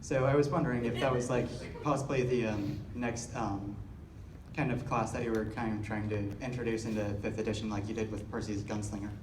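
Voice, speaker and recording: A man's voice: lowish voice, steady tone, fairly quick, noisy background. Man, audience member, hesitant, lots of ums, distant, echoey hall. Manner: hesitant, filler-heavy. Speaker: audience member asking a question. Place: large indoor convention hall.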